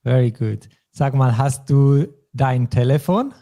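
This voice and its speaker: A man from German-speaking Europe hosts a language lesson at an even, middle pitch. His tone is mellow and relaxed. He explains each point patiently, step by step. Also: a little slow. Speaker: language teacher.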